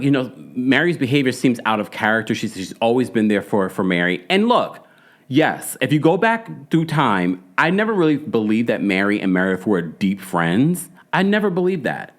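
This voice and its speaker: Male recap host, mid-pitched, with big swings in pitch, emphatic and opinionated. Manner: animated, emphatic, mimics the people he discusses. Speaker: podcast host recapping a reality show. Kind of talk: casual opinionated recap commentary.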